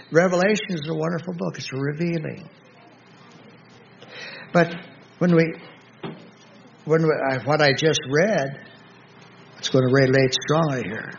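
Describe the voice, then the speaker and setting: Gravelly man preaching, slow and halting. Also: on the high side. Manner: slow, halting, with many restarts and fillers; reads scripture aloud in a slow, measured voice. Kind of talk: Bible study sermon. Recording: dull lo-fi recording with faint background noise.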